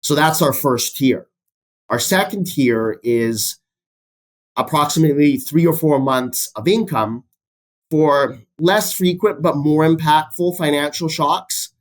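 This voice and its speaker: A man, a business professor explaining his ideas as a podcast guest in a steady way, citing many figures. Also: fairly high pitch, takes it slowly. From Canada. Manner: steady, fact-heavy, cites statistics, repeats key phrases.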